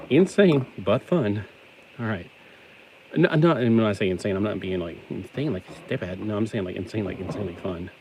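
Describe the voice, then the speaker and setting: Middle-aged guy with a lowish voice chatting away while he builds stuff, self-deprecating jokes, steady hiss behind him. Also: creaky. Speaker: toy-building vlogger. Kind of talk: casual rambling chat while building. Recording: steady background noise.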